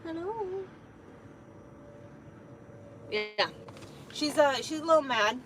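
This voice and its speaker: A woman's voice: medium pitch, measured pace, background noise. A woman truck driver chatting casually on a live stream from inside her truck cab, talking to her viewers and her cat.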